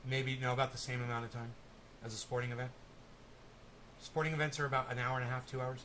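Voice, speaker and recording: A man's voice: medium pitch, flat delivery, fast talker, pushed and bright, a little hiss or hum. A man hosting a casual live stream, rambling and swearing, with testy, teasing banter with his viewers.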